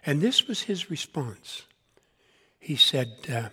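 A man's voice: fairly high pitch, sing-song, takes it slowly, pauses often, bright, forceful tone, slightly rough. A man in his seventies preaching a sermon in an earnest manner and repeating key points for emphasis. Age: 70s. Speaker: pastor. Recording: long hall reverb.

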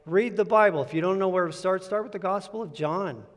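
A man's voice: high voice, brisk. A male pastor preaching a sermon in an earnest, conversational way, repeating key points for emphasis. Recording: long reverb of a large hall.

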